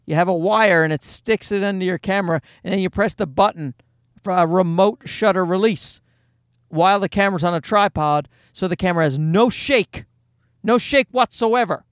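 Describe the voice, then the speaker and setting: A man hosting his podcast alone from home, rambling through a jokey, sarcastic monologue with quick asides. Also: high-pitched, clear, resonant tone, no room sound, clean studio sound. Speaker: podcast host. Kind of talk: casual comedic monologue.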